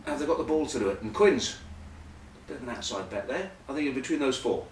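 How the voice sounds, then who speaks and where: A man's voice: mid-range voice, animated, fast talker, distant mic, slight background noise. A man hosting a comic rugby news monologue, rambling with jokey asides. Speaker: host. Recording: echoey room, voice off-mic.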